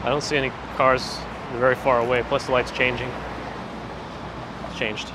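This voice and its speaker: A man's voice: medium pitch, little pitch movement, moderate pace. Man, casual walking livestream, perky and chatty, outdoors, traffic noise behind. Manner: chatty, reads viewer comments aloud. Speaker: livestream host. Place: city streets outdoors. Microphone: handheld phone gimbal mic. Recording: noisy outdoor street audio. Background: street traffic.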